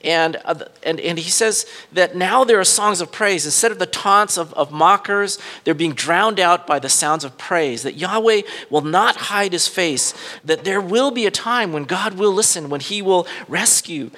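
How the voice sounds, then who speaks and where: Male pastor, fairly high bright voice, loose conversational sermon that builds up in the dramatic parts. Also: normal speed. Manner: informal, thinks aloud and corrects himself mid-sentence; rises in pitch and volume when retelling dramatic scenes.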